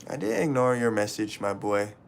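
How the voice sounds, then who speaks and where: A man's voice: on the low side, sing-song, normal speed, gravelly, a little hiss or hum. Frustrated young man ranting to his chat. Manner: raw, profane, repetitive venting. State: upset and frustrated. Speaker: livestreamer. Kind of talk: emotional livestream rant to chat.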